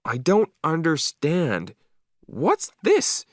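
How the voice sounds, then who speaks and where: A man voicing the inner thoughts of an eager young male dog in a storybook, pleading and puzzled in a high voice. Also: wildly swooping pitch, very slow, no room sound, clean studio sound, full character voice. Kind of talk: storybook narration.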